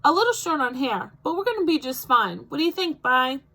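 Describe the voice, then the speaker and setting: A woman voicing a tiny, fussy old grandmother with a Southern US accent, in a squeaky, loud, sharp voice. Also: very animated, fairly quick, full character voice. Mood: bossy, doting.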